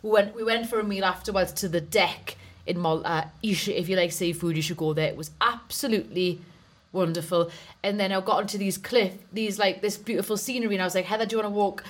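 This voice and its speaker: A woman's voice: mid-range voice, fairly quick. A woman co-hosting a comedy podcast, telling a long giggly anecdote in casual chat.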